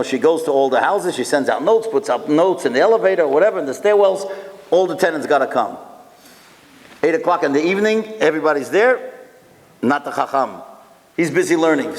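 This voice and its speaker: A man, a rabbi, telling stories to an audience in an animated way, full of rhetorical questions and Hebrew and Yiddish terms. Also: a little high, in a large hall. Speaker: rabbi and lecturer. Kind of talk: storytelling speech to an audience.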